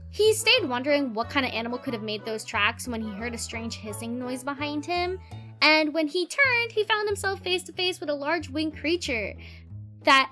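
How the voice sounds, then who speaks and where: High-voiced giggly young woman vlogging. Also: a bit bright. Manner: giggly, laughs often mid-sentence; casual and profane, jokey. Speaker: YouTube host presenting cryptids. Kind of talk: casual narrated video, unscripted asides.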